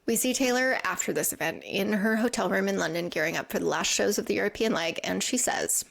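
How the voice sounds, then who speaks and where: Woman, podcast host, earnest reflective recap narration, gravelly fry in the voice. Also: mid-range voice, brisk. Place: lives in England.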